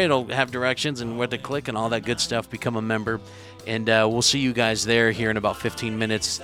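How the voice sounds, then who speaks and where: Bright-voiced man hosting a livestream. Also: medium pitch. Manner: rambling, filler-heavy. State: losing his voice. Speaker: livestream host. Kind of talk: casual livestream chat.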